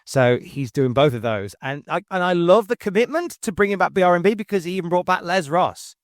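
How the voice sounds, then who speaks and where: A fairly high-voiced man, telling stories in a loose, rambling way. His pitch swings widely as he gets animated. The sound is dry and close. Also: brisk, no room sound. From England. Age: 40s. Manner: animated storyteller, jumps up in pitch for quoted voices; rambling with many restarts. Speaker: podcast guest. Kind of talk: casual chat.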